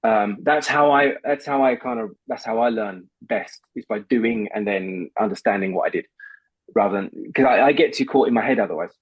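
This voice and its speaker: A man who is a voice coach, explaining techniques in an animated, instructive way and laughing often. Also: on the low side, normal speed, husky, no room sound, lo-fi sound. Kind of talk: instructive conversation.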